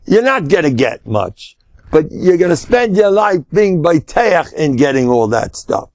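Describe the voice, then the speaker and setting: An older American rabbi delivers a Torah lecture on faith in a gravelly voice that swings high and low. He tells stories with sudden high exclamations and drops Yiddish and Hebrew words into his talk. The sound is close and dry. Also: very animated, measured pace, a little mellow, no echo.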